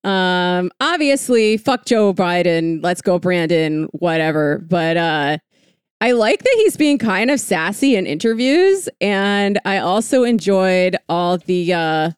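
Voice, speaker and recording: A woman's voice: lowish voice, animated, slow, clear, resonant tone, no room sound, studio quality. A woman co-hosting a casual political podcast, sarcastic and profane in a wry way. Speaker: podcast co-host.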